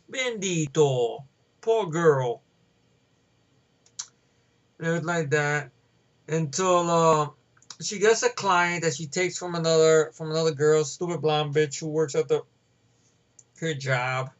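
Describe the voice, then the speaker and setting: Male movie ranter: high voice, rambling and profane, slightly muffled audio. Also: slow, pauses often. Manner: rambling, profane, many fillers. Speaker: movie reviewer. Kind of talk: casual movie rant.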